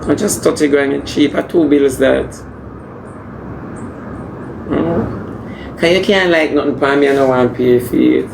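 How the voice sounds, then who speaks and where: A man playing a brash, demanding Jamaican woman in a comedy skit, talking in loud patois banter that moves between scolding and wheedling. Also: medium pitch, unhurried, vocal fry, long pauses, background noise.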